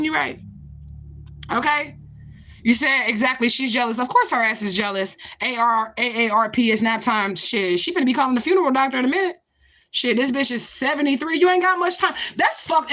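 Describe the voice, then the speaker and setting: A woman, hosting a livestream and ranting with heated, sarcastic, profane rapid-fire questions. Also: high voice, sharp tone. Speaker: livestream host. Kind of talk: angry livestream rant.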